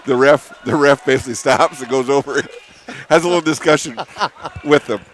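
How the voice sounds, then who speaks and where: A middle-aged man co-commentating a wrestling meet, giving score updates and short agreements. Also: mid-range voice. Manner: terse, quick agreements.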